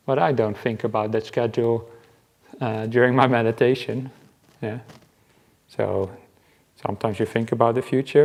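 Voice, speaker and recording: Man, Buddhist monk, retreat dharma talk, middle-pitched voice, relaxed, chuckles often, halting pauses. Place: meditation retreat centre.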